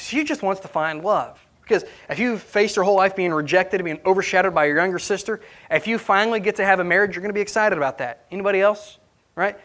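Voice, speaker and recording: High-voiced pastor preaching animatedly. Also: male voice. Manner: animated, conversational, questions the congregation. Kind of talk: sermon. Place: church.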